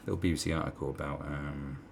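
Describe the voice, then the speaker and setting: A man's voice: extremely low pitch, steady tone, fast talker, gravelly, slight background noise. A man giving rambling, sarcastic opinion commentary, full of fillers and asides.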